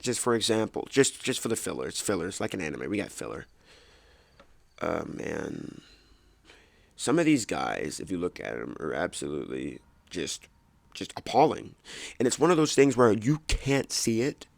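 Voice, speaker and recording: Low gravelly man rambling casually. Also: very animated, normal speed, no echo. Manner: chatty, self-correcting, jokey asides. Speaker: podcast host. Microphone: close desk microphone.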